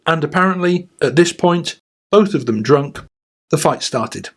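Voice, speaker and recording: Higher-voiced man narrating a documentary. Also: expressive, a little slow. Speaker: YouTube host.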